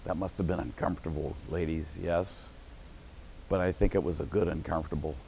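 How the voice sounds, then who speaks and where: A middle-aged man preaching a sermon as pastor, breaking into sudden shouted bursts of excitement. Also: deep voice, fairly quick, vocal fry, slight background noise, poor audio.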